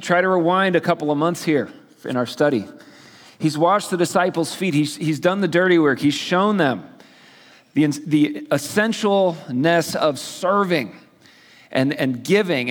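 A man's voice: fairly high pitch, in a large hall. A male pastor teaching a sermon in a casual, storytelling way with playful asides. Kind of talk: sermon, conversational Bible teaching.

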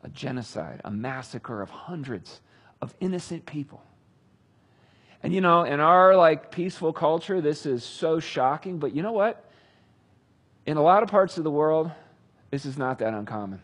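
Man, Bible teacher, husky and slightly high, lively storytelling. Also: moderate pace. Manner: animated, conversational. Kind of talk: casual Bible storytelling with commentary.

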